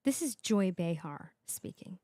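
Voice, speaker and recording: A woman's voice: lowish voice, animated, unhurried, mellow, no echo, studio quality. Sarcastic laughing woman reaction host. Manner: sarcastic, laughs often, mocking. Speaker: commentary channel host. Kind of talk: reaction commentary.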